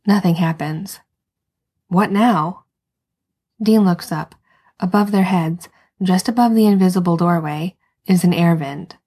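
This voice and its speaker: Soft breathy woman narrating a story. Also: lowish voice, unhurried, long pauses. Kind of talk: scripted narration.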